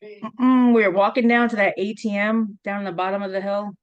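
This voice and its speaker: A middle-aged woman reminiscing with an old friend in a relaxed interview. She laughs often and tells her stories with quick restarts, at a middle pitch. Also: clean tone, dull audio. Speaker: interviewer, former college rugby teammate. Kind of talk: casual reminiscing conversation.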